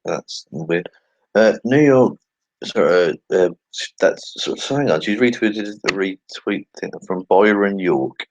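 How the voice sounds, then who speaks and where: A man's voice: low-pitched, a little slow, dry recording, muffled recording. A man hosting a casual commentary video, reading tweets aloud with sarcastic, swearing asides and muttered remarks. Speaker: channel host.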